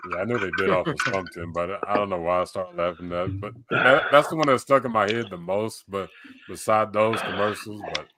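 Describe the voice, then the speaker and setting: Lower-voiced man, crowd noise behind. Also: animated, brisk. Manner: hesitant, trailing off. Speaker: podcast guest. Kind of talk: casual chat.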